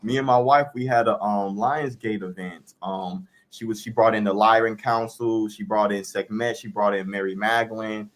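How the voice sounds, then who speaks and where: Calm man explaining spiritual gifts. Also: lowish voice, normal speed, hardly any pauses. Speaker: spiritual guest and DJ. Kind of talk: casual interview talk.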